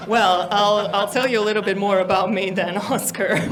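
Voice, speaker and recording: A woman's voice: medium pitch, unhurried, rough recording. A woman from Estonia doing stand-up, teasing the audience playfully at a live comedy venue. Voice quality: playful crowd work, teasing.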